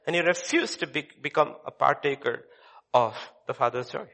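A male pastor preaching emphatically, swinging between loud exclamations and hushed asides. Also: medium pitch, expressive, normal speed, gravelly. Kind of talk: sermon.

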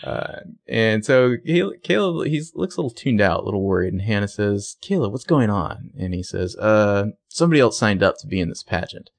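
A man co-hosting a casual podcast, recapping a TV episode and acting out the characters' lines in quick voices. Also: lowish voice, expressive, gravelly, dry recording. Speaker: podcast co-host.

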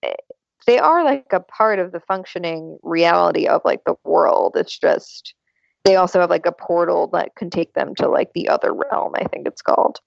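A woman with a lowish voice and some vocal fry co-hosts a podcast at a normal speed, in casual, chatty conversation full of fillers. She laughs often. The recording is muffled, with no room sound.

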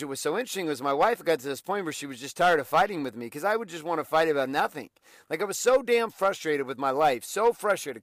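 A middle-aged man hosting a motivational podcast as a coach, talking casually with profanity and jokes, and now and then bursting into loud yells. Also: fairly high pitch, no echo. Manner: profane, joking, bursts into shouting.

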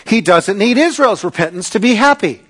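Animated, high-voiced male preacher. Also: moderate pace. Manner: dramatic, sarcastic, swings between loud and hushed. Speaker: pastor. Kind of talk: sermon.

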